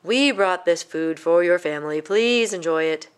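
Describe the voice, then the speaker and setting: A woman's voice: lowish voice, moderate pace, clean tone, natural voice. A woman voicing a generous fisherman neighbor in a storybook, friendly and insistent.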